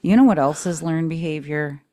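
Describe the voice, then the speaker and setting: A woman hosting a podcast in casual chat, animated and emphatic, often breaking into laughter. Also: sits low, moderate pace. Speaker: podcast host.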